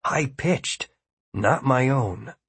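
A man's voice: medium pitch, expressive, very slow, creaky, fairly bright tone, slightly rough, dry recording, heavily acted. A man voicing an exhausted, frightened man who speaks weakly and with strain. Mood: weary. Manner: weak, strained delivery.

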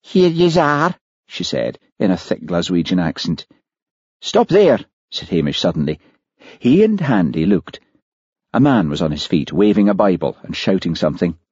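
A man narrating an audiobook in a lively, expressive reading voice. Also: sits low, normal speed, husky, no echo, highs cut off. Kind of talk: scripted narration.

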